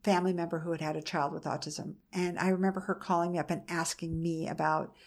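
A middle-aged woman, a mother whose son is autistic, is the guest in an interview and tells a personal story frankly and conversationally. Her voice sits on the low side, and she speaks fast with a flat delivery.

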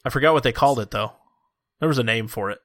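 A man's voice: mid-range voice, fast, fairly bright tone, dry recording. A man hosting a podcast, chatting casually with dry, joking asides. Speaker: podcast host.

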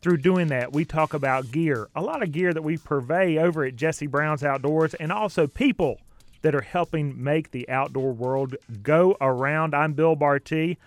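A man hosts an outdoors radio talk show in a chatty, easygoing way, laughing often between points. His voice sits a little high. The studio sound is close and dry. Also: moderate pace, no room sound, soft background music. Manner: chatty, laughs easily, some fillers.

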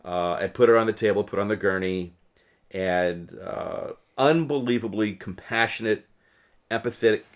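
Rambling, emotional New man, low voice. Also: normal speed. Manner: rambling, emotional, laughs often, many restarts. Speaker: podcast co-host. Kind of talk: casual storytelling chat.

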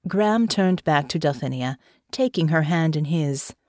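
A woman's voice: low voice, animated, moderate pace, a little mellow, no echo, clean studio sound. A woman reading a fantasy novel aloud as audiobook narrator. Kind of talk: scripted narration.

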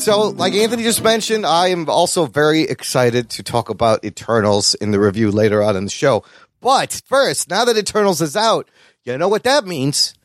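A man's voice: on the high side, moderate pace, faint music behind. A man hosting a podcast in casual chat, playful and teasing. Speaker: podcast host.

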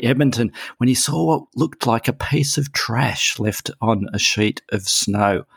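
A husky, gravelly man talks in a casual radio chat. He hesitates often and fills gaps with ums. His voice sits a little low and sounds dry and close. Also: measured pace, no room sound. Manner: hesitant, many ums and restarts. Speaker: regular guest on a veterinary news segment.

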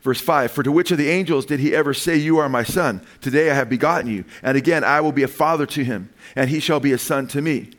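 A man preaching a sermon, animated, asking his listeners questions and acting out the lines he quotes. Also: medium pitch, fast, hardly any pauses. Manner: animated, asks the congregation questions, acts out quotes.

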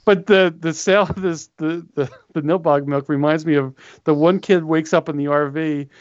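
A man's voice: a little high, fairly even intonation, moderate pace, dry recording, lo-fi sound. A man in casual film chat, polite and prone to restarting his sentences. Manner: polite, trails off and restarts, laughs along.

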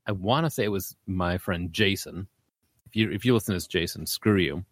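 A man's voice: sits low, a little fast, slight background noise. A man co-hosting a podcast, telling a story in casual chat and acting out the voices of the people he quotes. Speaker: podcast co-host.

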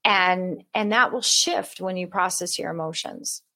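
A woman's voice: lowish voice, a little slow, bright, forceful tone. A woman guest in a conversational interview, explaining her method in an earnest way and often repeating words as she talks. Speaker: author and guest.

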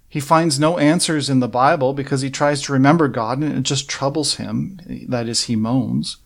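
A man preaching a sermon, working through a psalm verse by verse in an earnest, measured way and asking rhetorical questions. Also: medium pitch, gravelly.

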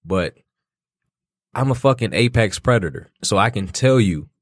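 A man's voice: lowish voice, expressive, moderate pace, dry recording, studio quality. A middle-aged man in a casual chat, talking bluntly and with emphasis, swearing freely while he tells a story.

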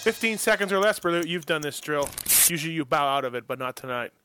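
A man hosting a casual radio talk show, joking and running a quick-fire timed segment. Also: fairly high pitch, lively intonation, over loud music. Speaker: podcast host.

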